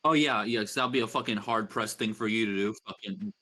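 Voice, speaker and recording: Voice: mid-range voice, a little fast, sharp tone, slight background noise. A friend on a gaming call, teasing the streamer with crude jokes. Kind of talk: casual gaming banter.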